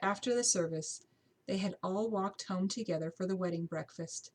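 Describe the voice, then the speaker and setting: A woman narrating a novel as an amateur audiobook reading, steady with occasional slips and restarts. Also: mid-range voice, moderate pace, rough recording.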